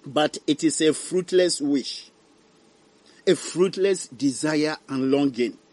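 A man preaching a fiery sermon, swinging from hushed warnings to loud cries. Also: fairly high pitch, slow pace, dry recording.

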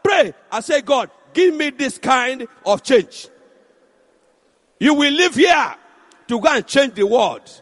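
A man preaching a sermon, shouting and exhorting the congregation with repeated phrases. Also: very high-pitched, big pitch swings, slow pace. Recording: echoey hall.

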